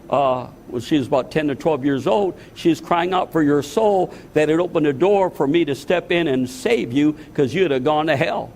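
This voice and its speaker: A man's voice: fairly high pitch, animated, moderate pace, darkish tone, a little hiss or hum. Earnest older male pastor preaching. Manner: earnest, repetitive, emotional storytelling. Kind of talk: testimony sermon.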